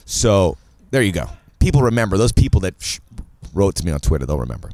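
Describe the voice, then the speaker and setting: A man co-hosting a casual sports podcast, jokey and animated, with quick asides. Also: sits low. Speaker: podcast co-host.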